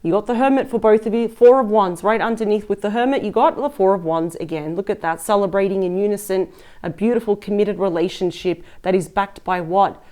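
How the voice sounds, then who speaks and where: A woman's voice: mid-range voice, brisk, warm tone. A woman giving a casual, effusive and chatty tarot reading as the host of her channel. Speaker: tarot reader.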